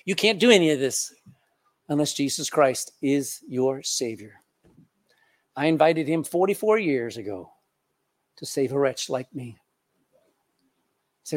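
A man in his sixties, a pastor, preaches a sermon and leads a closing prayer, putting questions to the congregation and swinging between loud and hushed delivery. His voice is medium-pitched with lively intonation, and he speaks unhurriedly with frequent pauses.

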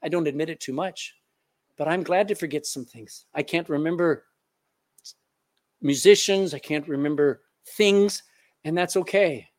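A man in his sixties, a pastor preaching a sermon and leading a closing prayer, asking the congregation questions and swinging between loud and hushed delivery. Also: a little high, moderate pace, pauses often.

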